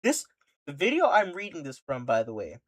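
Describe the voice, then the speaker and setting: Pitch swoops wildly as this mid-register streamer rants fairly quickly in angry reaction. The delivery is indignant and heated, full of rhetorical questions and lines repeated for emphasis.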